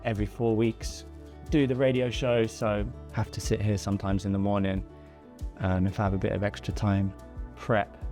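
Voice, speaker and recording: A man casually narrating a day-in-the-life vlog in a relaxed, chatty way, often saying "like". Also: lowish voice, moderate pace, soft background music. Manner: laid-back, chatty, says "like" often. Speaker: designer vlogging his day. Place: around his home city, home, café and office.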